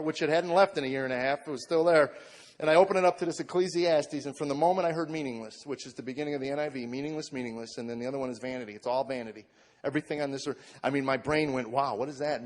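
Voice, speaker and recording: A middle-aged man, a comedian, tells the story of his faith to an audience, often repeating words at the start of his sentences and moving from a low, subdued tone to shouted excitement. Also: big-room sound. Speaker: comedian giving a testimony.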